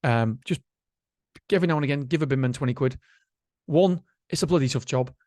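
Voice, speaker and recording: A man hosting a solo motivational podcast, chatty and animated, swearing casually. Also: medium pitch, fairly quick, no echo, studio quality. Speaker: podcast host.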